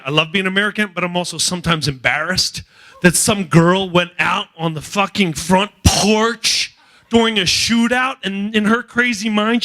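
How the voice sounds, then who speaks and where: A male stand-up comedian from New Jersey, doing a profane, rapid-fire routine that acts out characters. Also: high-pitched, pushed and bright.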